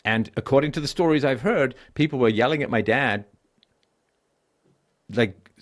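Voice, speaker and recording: A middle-aged man hosting a call-in show, telling personal stories bluntly and with profanity, dropping low and weary, then rising loud and emphatic. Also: moderate pace.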